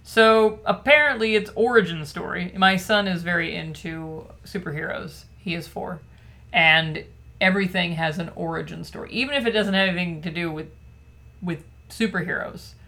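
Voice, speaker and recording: A woman's voice: fairly low pitch, a bit bright. A woman in her thirties chats as a podcast co-host. She is dry and wry, slipping sardonic asides into the conversation. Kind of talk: casual chat.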